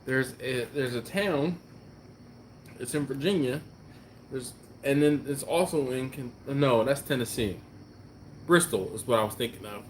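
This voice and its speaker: A man in the middle of a casual barbecue live stream, reading out viewer comments and chatting back in a relaxed, meandering way. His voice sits at an ordinary middle pitch. A faint hiss of background noise runs under the talk. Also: a little slow, pauses often. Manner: relaxed, rambling, answers chat comments. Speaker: BBQ channel host.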